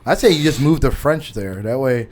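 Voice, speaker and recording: A man's voice: mid-range voice, lively intonation, crowd noise. A man hosting a comedy podcast, riffing casually, swearing freely and laughing often. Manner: laughs a lot, swears freely, quick riffs.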